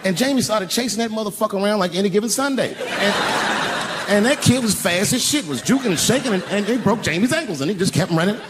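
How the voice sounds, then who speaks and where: A high-pitched, expressive older man talks fast through a profane stand-up bit, performing the voices of its characters. He's on an arena stage with a handheld mic, and the live recording includes crowd noise and audience laughter.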